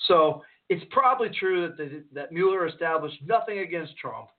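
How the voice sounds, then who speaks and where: A man's voice: on the high side, animated, moderate pace. A man co-hosting a casual political talk radio show, rambling and searching for words as he poses rhetorical questions. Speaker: radio co-host. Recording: tinny phone-like line.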